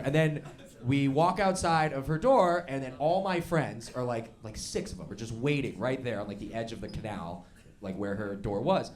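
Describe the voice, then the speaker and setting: A man doing stand-up storytelling on stage, animated and laughing along as he acts out the voices in his story. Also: mid-range voice, very noisy. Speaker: stand-up comedian. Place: comedy club stage before a live audience. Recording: stage mic with loud crowd laughter.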